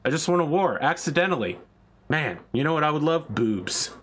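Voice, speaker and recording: A man's voice: fairly high pitch, sing-song, brisk, fairly bright tone, slight background noise, pitched above the performer's own voice. A man voicing a boastful, girl-crazy young male fantasy hero with smug, offhand bragging.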